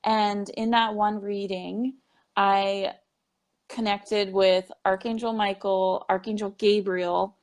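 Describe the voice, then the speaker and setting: A woman's voice: mid-range voice, level tone, slow pace, darkish tone. Chatty young woman, full of fillers. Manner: chatty, many fillers and "like", laughs often. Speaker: psychic medium telling her story. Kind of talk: casual interview chat.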